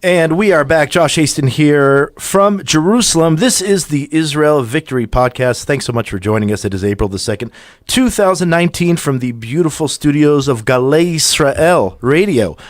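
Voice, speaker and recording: A man's voice: on the high side, animated, normal speed, dry recording. Male radio podcast host, dry studio sound. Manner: conversational, hesitant restarts. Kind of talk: radio talk show hosting.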